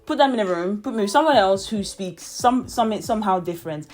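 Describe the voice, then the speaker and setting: A woman's voice: mid-range voice, animated, fairly quick, a little mellow, soft background music. A young woman from Nigeria who speaks with a British English accent, talking casually and thoughtfully to camera as a vlogger, with many fillers and light laughs. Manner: chatty and reflective, with frequent fillers and laughs. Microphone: camera mic, talking to camera.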